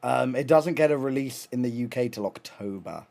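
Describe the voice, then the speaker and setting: Casually talking on a live stream, a young man rambles with excitement, swears often, and restarts his sentences. He speaks at a normal speed in a mid-range voice with vocal fry.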